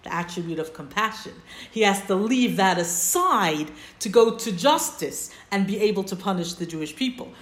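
A woman's voice: mid-range voice, expressive, normal speed. Woman teaching a text class, roomy sound. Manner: explains step by step, checks in with "right?". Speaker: Torah teacher. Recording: roomy echo.

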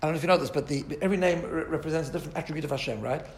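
Male Torah teacher, slightly high pitch, explains text step by step and checks in often; recorded in an echoey room. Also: racing. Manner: explains Hebrew text line by line, checks in with "right?". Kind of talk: text-based Torah class.

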